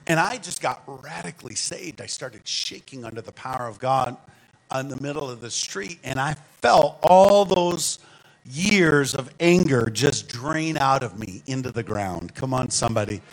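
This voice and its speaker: A man preaching in a church, telling a personal story in a lively sermon that swings from hushed asides to loud exclamations. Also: medium pitch, moderate pace, creaky, poor audio. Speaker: guest preacher. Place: church sanctuary.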